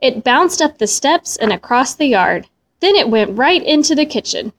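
A woman reading a children's storybook aloud in a slow, expressive way. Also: high voice.

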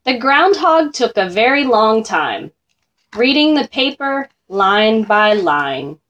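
A woman reading a rhyming children's picture book aloud, slow and expressive. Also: on the high side, dull audio. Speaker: storyteller.

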